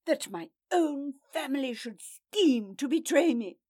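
A furious lord barks orders and accusations, as a woman narrator puts him on, loud and raised in pitch. The storybook figure is jealous and commanding. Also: sing-song, takes it slowly, breathy edge, exaggerated voice.

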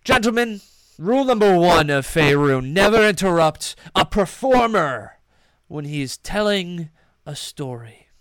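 A man's voice: high voice, expressive, a little slow, a bit bright, smooth, dry recording. A man voicing a vain, grandiose male actor who declaims theatrically and boasts of himself. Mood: indignant.

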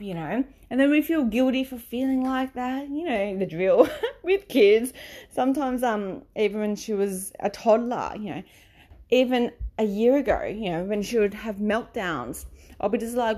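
Expressive woman talking about motherhood. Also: fairly high pitch. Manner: candid, expressive, laughs often. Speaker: mother sharing parenting experience. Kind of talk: casual monologue, coaching tone.

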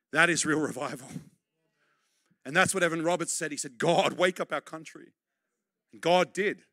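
A middle-aged man preaching a sermon, urging and repeating points for emphasis, then dropping to quiet, close tones. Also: a little high, animated, a little fast, no echo.

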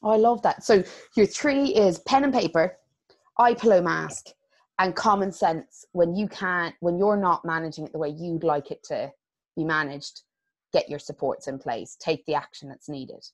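Woman podcast host, lower voice, encouraging and easygoing. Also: moderate pace, darkish tone. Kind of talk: casual podcast interview.

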